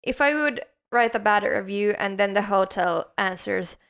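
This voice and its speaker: A woman's voice: mid-range voice, normal speed, creaky, fairly bright tone, clean tone. A woman co-hosting a casual podcast, reacting and chiming in with short comments. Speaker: podcast co-host. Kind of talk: casual chat.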